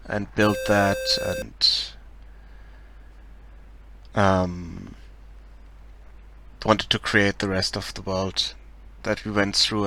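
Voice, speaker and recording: A man from Germany with a German accent, casually talking through his game project on a live stream, hesitant, with many pauses and restarts. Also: lowish voice, bright, forceful tone. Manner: hesitant, many ums and restarts, laughs shyly.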